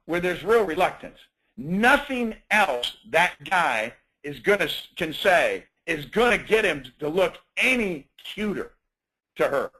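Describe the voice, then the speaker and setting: A man coaching listeners on a call, telling stories with lively energy and slipping into acted-out dialogue. His voice sits a little high, with a bright, forceful tone. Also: rough recording. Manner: animated storyteller, acts out dialogue. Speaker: sales coach. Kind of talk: coaching talk on a conference call.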